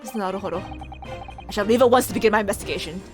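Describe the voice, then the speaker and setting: A woman's voice: medium pitch, very fast, faint music behind, voice pushed down, close to an everyday voice. A woman voicing a theatrical male great detective who speaks dramatically. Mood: anguished. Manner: dramatic, grandiose.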